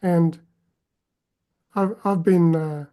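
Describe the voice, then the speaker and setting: A woman interviewing on a podcast, reflective, with soft hesitations. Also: on the low side, steady tone, extremely slow. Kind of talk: casual podcast chat.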